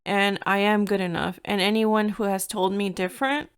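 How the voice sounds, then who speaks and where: A woman's voice: mid-range voice, steady tone, normal speed, clear, resonant tone. Chatty woman podcaster, Spanish mixed in. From United States. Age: 30s. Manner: chatty, lots of "like", drops into Spanish. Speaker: podcast host. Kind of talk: casual solo podcast storytelling.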